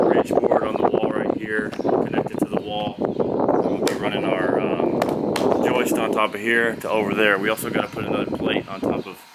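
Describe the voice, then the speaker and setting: A man walking through his building work outdoors, explaining each step in a loose, folksy way, recorded on a camera's own mic. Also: lowish voice. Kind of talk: casual job-site walkthrough. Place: outdoor construction site, windy. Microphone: camera's built-in mic. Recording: windy outdoor camera audio. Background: wind noise.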